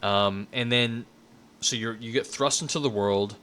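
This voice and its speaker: A man's voice: medium pitch, unhurried, pushed and bright, slight background noise. A man giving an informal lecture in a loose, conversational way, often checking in with "right?" and restarting his sentences.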